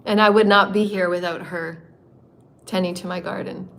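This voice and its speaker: Hoarse woman giving a reverent spiritual talk. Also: mid-range voice, steady tone, slow, long pauses, a bit bright, slight background noise. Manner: heartfelt and reverent, praising and thanking. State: scratchy, hoarse voice. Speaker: spiritual live-stream host.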